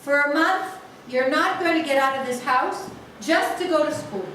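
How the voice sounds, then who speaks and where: A woman acting out a furious middle-aged father who yells threats, her voice pushed high and loud. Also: racing, a little hiss or hum, lightly acted. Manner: yelling threats. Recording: echoey room, far from mic.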